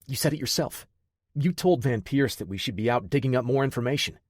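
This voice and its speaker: A man voicing a level-headed male military operative who speaks calmly and firmly. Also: mid-range voice, a little fast, dry recording, clean studio sound, pitched above the performer's own voice, close to an everyday voice.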